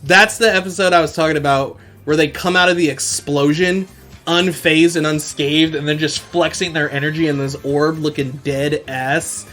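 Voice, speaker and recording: A man's voice: a little high, steady tone, moderate pace, a bit bright, faint music behind. A man hosting a casual solo podcast, recapping an anime in a slangy way and laughing often as he retells scenes. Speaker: podcast host.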